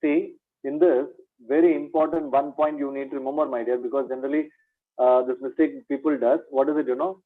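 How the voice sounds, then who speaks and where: This maths revision lecturer talks fairly quickly with medium pitch and fairly even intonation, recorded with phone-like quality. Addressing students as "my dear," he keeps repeating the key points and asking rhetorical questions.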